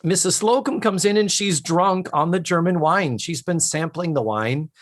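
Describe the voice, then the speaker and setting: A man co-hosting a podcast in casual chat, animatedly retelling comedy scenes and quoting lines. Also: high voice. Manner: animated retelling of scenes with quick quoted voices. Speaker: podcast co-host.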